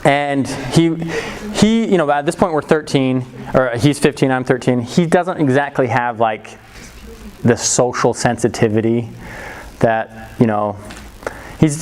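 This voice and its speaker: A middle-aged man telling a personal story to an audience, acting out the voices with big leaps and laughing often. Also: poor audio. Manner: animated, acts out quoted voices with big pitch jumps. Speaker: speaker. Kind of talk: storytelling talk.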